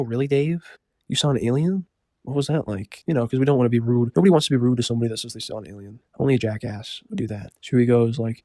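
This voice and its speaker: Man, casual storyteller, rambling deadpan delivery, dry close recording, medium pitch. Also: dry recording. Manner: rambling, lots of "like" fillers, deadpan.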